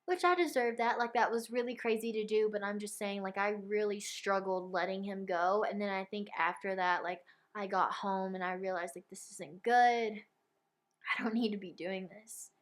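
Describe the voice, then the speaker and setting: A young woman telling a personal story to camera in a casual vlog, with lots of filler words and animated retellings. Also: medium pitch, moderate pace. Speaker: vlogger.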